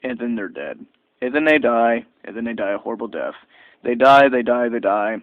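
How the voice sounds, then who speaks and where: A man reviewing an old video game in a chatty, excitable, rambling way. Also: mid-range voice, moderate pace, no echo. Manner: chatty and excitable, lots of fillers and restarts. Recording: tinny phone-like dry recording.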